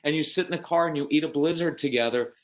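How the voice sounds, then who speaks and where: A man with a drawl talks parents through calmer habits in a seminar. His voice sits fairly high, and he speaks in a folksy, earnest way, addressing fathers head-on. When he voices other parents, his pitch jumps sharply. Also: fast. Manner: animated, acts out quoted parents with sudden pitch jumps.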